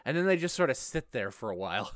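A man co-hosting a podcast in casual chat, playful and quick to laugh. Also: mid-range voice, sing-song, dry recording, clean studio sound. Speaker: podcast co-host.

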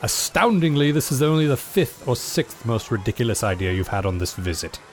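A man's voice: medium pitch, sing-song, fairly quick, music in the background, close to an everyday voice. A man playing a sardonic butler. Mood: dry. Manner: dry, formal, sardonic. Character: weary, sarcastic English butler, dry and long-suffering. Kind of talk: comedy radio sketch.

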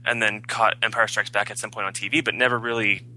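A man chatting on a podcast, rambling from one thought to the next and cursing casually. His voice is quick and bright, with a faint hiss of noise behind it. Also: on the low side, little pitch movement, poor audio. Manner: rambling, swears freely.

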